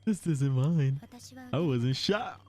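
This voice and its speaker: A man reacting to an anime episode in casual commentary, swearing and laughing often and jumping into high yelps when startled. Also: lively intonation, slow pace, warm tone. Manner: frequent laughter and profanity.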